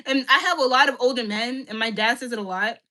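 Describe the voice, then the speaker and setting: A woman's voice: on the high side, fast talker, bright, forceful tone. A young woman ranting bluntly and profanely to her livestream chat, repeating herself and filling with "like". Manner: repeats herself, many "like" fillers.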